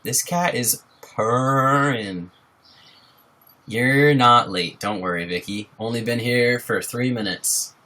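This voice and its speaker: A man's voice: mid-range voice, takes it slowly, sharp tone. A young man casually chatting on a live stream from home, bubbly, greeting viewers by name and laughing often, speaking into a laptop microphone. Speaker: livestreamer. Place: home, at a wobbly table.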